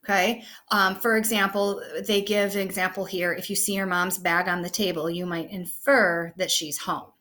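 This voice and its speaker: A woman teacher speaks in a bright, forceful, level mid-range voice at a moderate pace, barely pausing. She talks casually through an online lesson, her conversational explanations loaded with fillers like "okay" and "you know."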